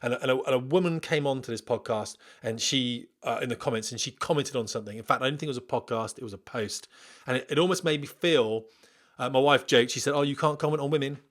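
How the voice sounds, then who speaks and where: Casting: middle-aged male podcast host, ex-military pilot, chatty and digressive, mid-pitched voice. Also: fast talker, fairly bright tone. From Britain. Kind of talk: casual podcast monologue reading a listener email. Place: at home.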